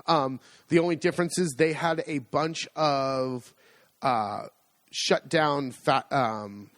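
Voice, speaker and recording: A man's voice: mid-range voice, slow, a bit bright, dry recording, clean studio sound. A man from the United States co-hosting a podcast, telling long rambling anecdotes in a casual chat. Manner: rambling, chatty storytelling. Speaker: podcast co-host.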